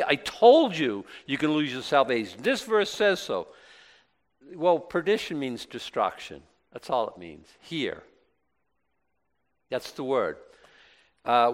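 Man preaching a conversational sermon. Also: mid-range voice. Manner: conversational, rising to emphatic bursts then dropping soft; asks the congregation questions and answers them himself. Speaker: pastor.

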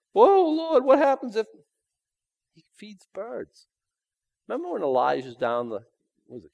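A man preaching a sermon in a folksy, emphatic way, swinging between loud points and hushed asides. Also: medium pitch, no echo.

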